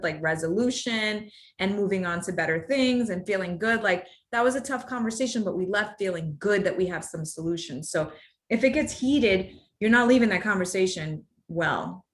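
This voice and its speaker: A woman's voice: mid-range voice, animated, a little fast, a bit bright. A woman with children, presenting a workplace workshop on difficult conversations in a conversational way. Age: adult, parent of children. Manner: conversational, demonstrates tones with exaggerated acted examples.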